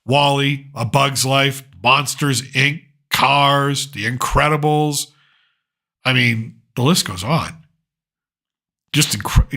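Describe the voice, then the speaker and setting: A man's voice: mid-range voice, fairly even intonation, takes it slowly, creaky, sharp tone. A middle-aged man hosting a pop culture commentary show, ranting sarcastically and swearing freely. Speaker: host.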